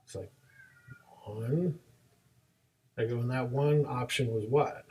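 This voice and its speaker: Young male martial arts instructor, lively storyteller who plays out dialogues; medium pitch, slightly distant mic. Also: slow, long pauses. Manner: animated storyteller, acts out both sides of dialogues. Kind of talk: casual chat.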